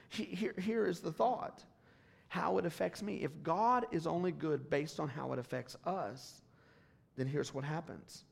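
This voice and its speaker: A man preaching a sermon as pastor, calling out to the congregation and swinging between hushed asides and loud, rising appeals. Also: a little high, measured pace, gravelly.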